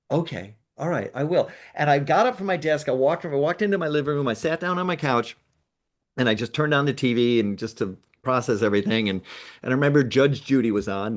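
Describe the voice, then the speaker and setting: Guy guest on an interview telling his story, mid-pitch voice, acts out what people said to him. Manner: lively retelling that acts out other people's lines. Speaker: guest, nonprofit founder.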